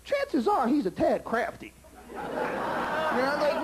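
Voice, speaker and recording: Shouting profane stand-up comedian. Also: male voice, very high voice, wildly swooping pitch, very noisy. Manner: shouting, profane, rapid punchlines. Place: comedy club stage. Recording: live club crowd laughing.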